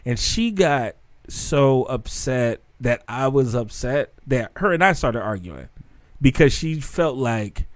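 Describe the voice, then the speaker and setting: A man telling animated stories in casual podcast chat, swearing freely. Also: medium pitch, slow pace, no echo.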